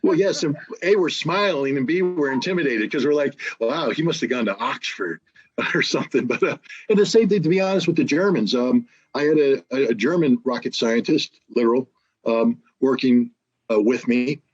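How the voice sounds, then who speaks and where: A man's voice: medium pitch, normal speed, darkish tone, husky, highs cut off. A man telling stories in casual conversation, emphatic, with frequent restarts. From United States. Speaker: guest, former weapons inspector.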